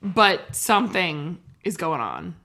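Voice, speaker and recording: A woman's voice: on the low side, sing-song, slow pace, sharp tone. A woman co-hosting a podcast in playful casual chat, giggling and bantering. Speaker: podcast co-host.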